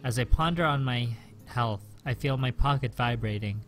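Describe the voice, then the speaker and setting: Let's-play host reading narration, measured and even, mid-pitched male voice. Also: soft background music. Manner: steady, measured first-person reading. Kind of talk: reading a visual novel aloud.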